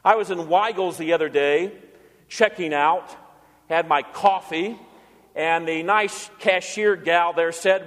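A man with a high voice preaches an earnest sermon to his church. He slips into the voices of the people he quotes to make his point. His voice rings out with the long reverb of a large hall. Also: slow pace, a bit bright. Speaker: pastor.

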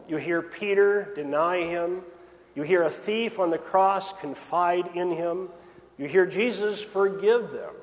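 A man preaching a sermon, swinging between raised emphasis and hushed, drawn-out phrases. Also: high-pitched. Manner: dramatic swings from loud to hushed. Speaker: pastor. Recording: long reverb of a large hall.

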